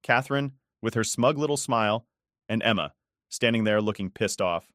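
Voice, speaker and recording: A man in his forties tells a first-person story in a low, weary voice with a resentful edge. The recording is close and dry, with no room sound at all. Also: normal speed, fairly bright tone, dry recording. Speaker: story narrator.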